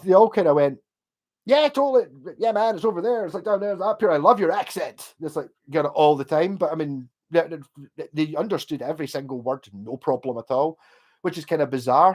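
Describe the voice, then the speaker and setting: A man's voice: fairly high pitch, darkish tone. A middle-aged man with a Glasgow Scottish accent chatting on a livestream, meandering and sweary with lots of fillers. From Scotland. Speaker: livestream host reading chat. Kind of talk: casual rambling chat.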